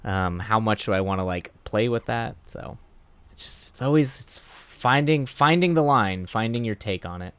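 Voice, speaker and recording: A man with a fairly low voice chats loosely with his stream viewers, rambling through fillers and breaking into laughs. The sound is dry and close, with no room echo. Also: expressive, normal speed, a bit bright, clean tone. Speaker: livestream host. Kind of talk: casual chat reading viewer comments.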